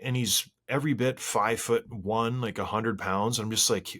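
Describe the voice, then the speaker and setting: A man's voice: steady tone, normal speed, a bit bright. A man in his forties hosting a casual solo podcast, talking in a rambling, conversational way with restarts. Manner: rambling and conversational, with frequent restarts and swings of pitch. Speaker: podcast host.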